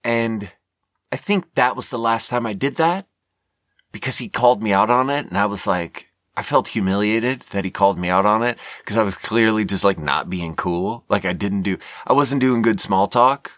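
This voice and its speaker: Low-voiced man telling a rambling story. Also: fairly bright tone, no echo, clean studio sound. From Sweden. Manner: rambling, self-deprecating, halting with fillers. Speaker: podcast host. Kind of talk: casual storytelling monologue.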